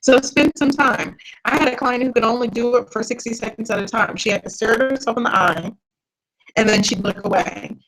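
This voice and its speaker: A woman's voice: fairly high pitch, steady tone, a little fast, fairly bright tone, low-quality recording. A woman mindset coach leading a live online workshop, talking directly and encouragingly to her viewers. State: tired, yawning.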